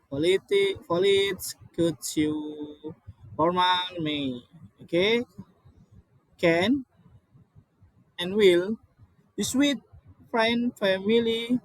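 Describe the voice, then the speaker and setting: Guy reading slides in shaky english, not his first language, highish voice, slow, stops and restarts a lot. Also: no room sound, low-quality recording. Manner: halting, many restarts and apologies.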